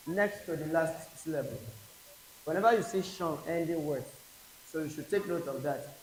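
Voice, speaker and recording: A man with a Nigerian accent teaching an exam prep English class, slowly repeating each word aloud for drilling. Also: a little high. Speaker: English tutor. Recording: echoey classroom with faint hiss.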